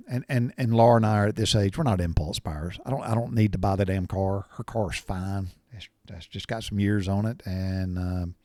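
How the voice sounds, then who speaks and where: A man's voice: fairly low pitch, darkish tone, no echo, clean studio sound. A middle-aged man, hosting a podcast and telling rambling stories in a folksy, blunt way with salty language. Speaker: podcast host. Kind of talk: rambling storytelling monologue.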